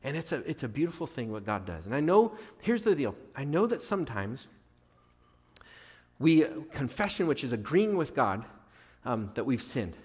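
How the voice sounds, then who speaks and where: A man preaching a sermon as pastor, animated, acting out quoted prayers and moving between loud and hushed delivery. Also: medium pitch, moderate pace, husky. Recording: long hall reverb.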